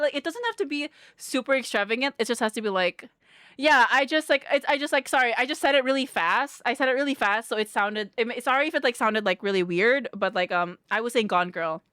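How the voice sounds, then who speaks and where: A woman's voice: on the high side, fairly bright tone, clear, resonant tone, no echo, studio quality. A woman streamer chatting casually to her viewers, bubbly and giggly, rambling with lots of fillers. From Philippines. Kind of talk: casual live-stream chat.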